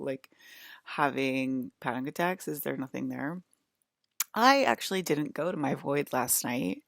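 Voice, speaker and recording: A woman's voice: sits low, creaky, no echo. A woman from New Jersey in a casual, rambling monologue, packed with fillers and indignant asides. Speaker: vlogger.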